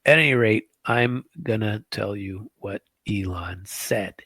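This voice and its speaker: A man's voice: lowish voice, measured pace, fairly bright tone, breathy edge, no echo, studio quality. A middle-aged man hosting a show, rambling through casual political commentary full of restarts and asides. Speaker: show host.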